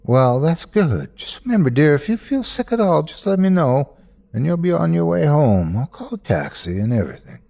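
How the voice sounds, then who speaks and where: A man's voice: fairly high pitch, sing-song, moderate pace, gravelly, warm tone, voice pushed up, heavily acted. A man voicing a kind female scientist boss with a soothing Southern accent and a motherly manner. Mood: concerned.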